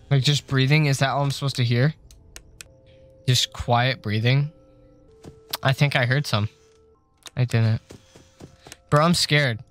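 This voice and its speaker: A young man talking to his stream viewers over a desk mic, loose and jokey with plenty of swearing. His voice sits at an ordinary middle pitch, and he turns jumpy and loud when the game scares him. Faint music plays in the background. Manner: joking, chatty, swears a lot, gets jumpy when scared. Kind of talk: casual livestream chat while gaming. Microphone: desk microphone.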